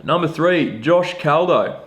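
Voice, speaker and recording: A young Australian man answering viewer questions about fishing in a relaxed, joking, self-deprecating chat full of slang. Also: fairly high pitch, takes it slowly, a little hiss or hum. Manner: laid-back, matey slang, self-deprecating. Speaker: fishing vlogger. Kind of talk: casual Q&A chat.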